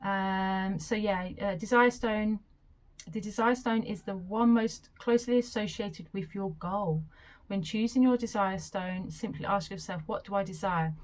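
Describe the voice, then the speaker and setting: Brief: young woman, crafty vlogger, mid-pitched, eager and chatty with gushing asides. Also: measured pace, a little mellow. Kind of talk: casual explainer talk.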